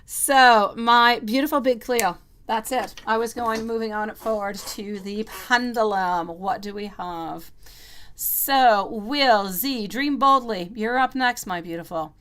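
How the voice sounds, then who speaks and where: A woman hosts a live tarot reading for her viewers, middle in pitch. She talks at length and drifts from point to point, and she calls her listeners sweetie and my lovely as she answers their questions. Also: unhurried, fairly bright tone. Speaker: tarot reader hosting a live stream.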